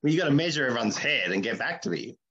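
A man's voice: mid-range voice, animated, very fast, pushed and bright, lo-fi sound. A man hosting a podcast in casual chat, with a blunt, opinionated and crude way of talking. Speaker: podcast host.

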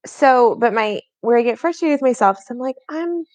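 A woman's voice: on the high side, brisk, darkish tone, no room sound, highs cut off. A woman in her thirties co-hosting a podcast, chatting casually and filling her talk with "like". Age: 30s. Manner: chatty, lots of "like" fillers. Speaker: podcast co-host. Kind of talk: casual chat.

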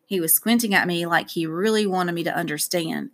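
A woman narrating a novel aloud in a clear, steady storytelling manner. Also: on the low side, a little fast, hardly any pauses. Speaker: audiobook narrator.

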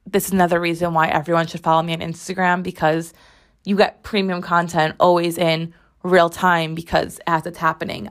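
A young woman hosting a weekly show, telling a story in a casual, animated and sarcastic way, full of rambling asides. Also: fairly low pitch. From United States. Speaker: podcast host.

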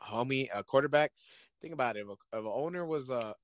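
A podcast co-host with a medium-pitched voice talks football fast, with no echo on the recording. His casual sports chat is profane and animated, and he acts out imagined conversations in different voices.

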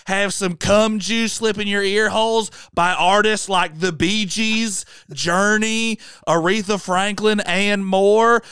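A man putting on a crude, hyped-up country announcer with a mock Southern American twang and a loud, brash sales-pitch delivery. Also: fairly even intonation, takes it slowly, few pauses, clean tone, dry recording, full character voice. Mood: brash hype. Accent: put-on American Southern country.

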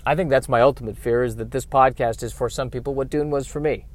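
A man hosting a solo comedy podcast from his car, wry and self-deprecating, breaking into loud exasperated rants. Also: mid-range voice, steady tone, fast talker. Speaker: podcast host. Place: in a car while driving and parking.

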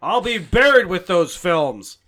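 A man doing a cranky old action hero, loud, slow, over-enunciated, bright. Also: high-pitched, big pitch swings, pitched above the performer's own voice, exaggerated voice. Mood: cranky shouting.

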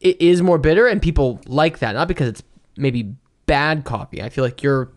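A man's voice: on the high side, lively intonation, moderate pace. A man co-hosting a casual podcast chat, hesitant and full of fillers. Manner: hesitant, many fillers, reads tasting notes.

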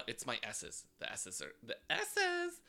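A young man co-hosting a podcast in casual chat, throwing in quick sarcastic jokes. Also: medium pitch, wildly swooping pitch, gravelly, very noisy. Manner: quick jokey interjections, sarcastic. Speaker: podcast co-host.

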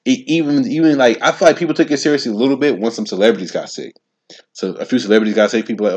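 A man in his twenties hosts a casual solo podcast, speaking rapid-fire at medium pitch. He's animated and slangy, repeats himself, and addresses listeners directly.

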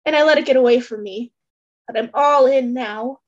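A woman voicing a tender, lovesick young man who talks softly and earnestly. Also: high-pitched, normal speed, no echo, highs cut off.

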